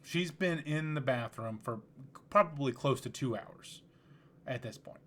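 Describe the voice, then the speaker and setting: A man hosts his own podcast, telling stories in a relaxed, rambling way. He often restarts his sentences, and his voice sits at an ordinary middle pitch. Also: unhurried. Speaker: podcast host. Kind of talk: casual storytelling.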